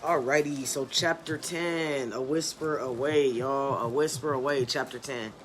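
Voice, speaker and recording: A man's voice: mid-range voice, fairly even intonation, unhurried, background noise. A man casually reading his own novel aloud to an online audience, chatting with listeners and calling them y'all.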